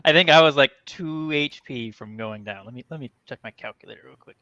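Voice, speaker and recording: Man player, bright tone, smooth, dry, dull lo-fi mic. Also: mid-range voice, brisk, dry recording. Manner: laid-back, laughing. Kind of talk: casual game table talk.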